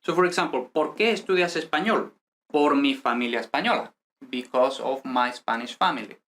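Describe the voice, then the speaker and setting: A man teaching a beginner language lesson in a relaxed, chatty way, often checking in with a quick "no?" as he explains. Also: mid-range voice. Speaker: Spanish teacher.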